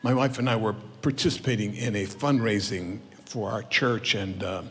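A man preaching a sermon as a storytelling pastor, swinging from hushed asides to loud, lively bursts. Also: on the low side, normal speed. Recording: roomy church hall with music behind.

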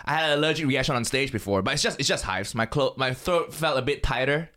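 A man's voice: medium pitch, lively intonation, fast, pushed and bright. A man from Malaysia, a stand-up comedian, telling laid-back stories in casual chat and swearing freely.

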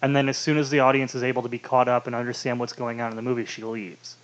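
Casting note: male podcast co-host, casual movie chat, rambly, full of "like", mid pitch, muffled lo-fi audio. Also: level tone, fast talker. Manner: rambling, fills with "like" constantly. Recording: dull lo-fi sound.

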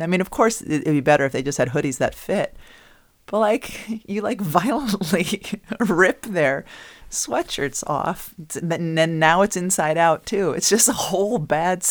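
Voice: mid-range voice, dry recording. A co-host in a casual chat who teases their partner and laughs while talking. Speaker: podcast co-host.

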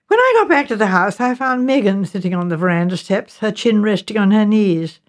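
A woman reading an audiobook narration in a crisp, measured storytelling manner. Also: medium pitch, lively intonation.

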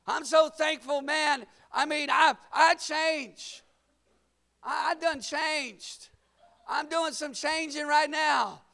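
A man preaching a lively sermon, shouting at the peaks and calling on the congregation to answer back. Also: very high-pitched, takes it slowly, creaky. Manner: energetic, shouting at peaks, call-and-response. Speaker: pastor.

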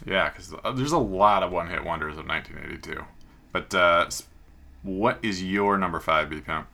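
A man co-hosting a casual podcast in a bright, forward voice. He sits a little low in pitch and keeps things upbeat and jokey. He asks his partner question after question. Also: normal speed, vocal fry. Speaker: podcast co-host. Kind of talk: casual chat.

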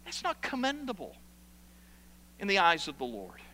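A man's voice: sits high, huge pitch swings, moderate pace, sharp tone, big-room sound, rough recording. A man preaching a sermon as pastor, animatedly acting out the complaints of church members.

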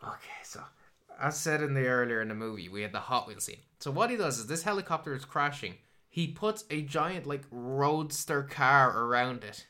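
Bright-voiced man ranting. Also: medium pitch, normal speed. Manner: swears a lot, ranting and exasperated. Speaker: podcast co-host. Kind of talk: casual film review chat.

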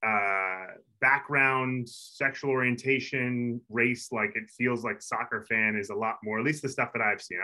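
A man's voice: fairly low pitch, sharp tone, poor audio. A man from New York co-hosting a podcast, chatting casually and rambling with many fillers and restarts. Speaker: podcast co-host. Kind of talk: casual chat.

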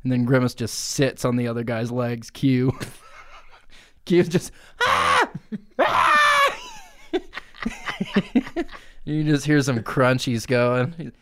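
A man co-hosting a comedy podcast, telling a crude absurd story and breaking into squeaky character noises. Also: steady tone, slow, pauses often, darkish tone, slight background noise. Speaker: podcast co-host. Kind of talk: improvised comic storytelling.

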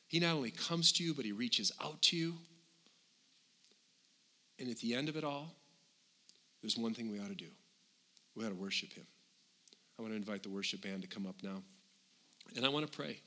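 Older male pastor preaching, bright tone. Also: medium pitch. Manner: animated, swings between loud and quiet. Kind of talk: sermon.

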